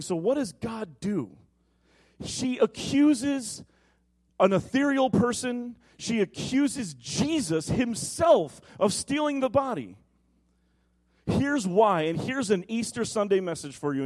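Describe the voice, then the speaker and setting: A man preaching an Easter sermon as the pastor, talking with strong emphasis and swinging from loud to hushed. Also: high voice.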